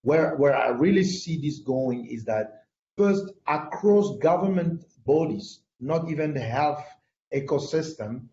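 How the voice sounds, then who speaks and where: A man's voice: a little high, animated, a little slow, darkish tone, echoey room, lo-fi sound, slight background noise. A man with a French accent, a native French speaker, speaking on an online panel with many hesitations and restarts over a video call.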